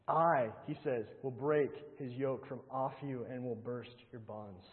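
A man preaching a sermon, earnestly reading scripture aloud and pressing his point with rhetorical questions and repetition, often dropping to a low hush. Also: fairly even intonation, a little slow, hardly any pauses. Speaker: pastor. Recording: tinny phone-like sound with long hall reverb.

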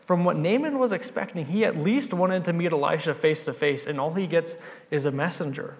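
A man's voice: a little high, brisk. A man preaching a sermon, retelling a Bible story in an earnest, conversational way. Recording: long hall reverb.

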